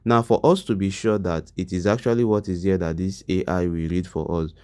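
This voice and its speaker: Deep-voiced man teaching. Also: fairly even intonation, a little fast, a little mellow, smooth. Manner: explains step by step, asks viewers questions often. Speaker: tutorial host. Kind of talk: screen-recorded tutorial walkthrough.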